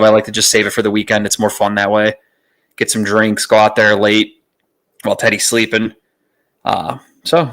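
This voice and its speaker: A man's voice: lowish voice, fairly bright tone. Casual rambling man podcasting solo. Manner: rambling, swears casually, many "uh" fillers. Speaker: podcast host. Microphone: streaming setup mic.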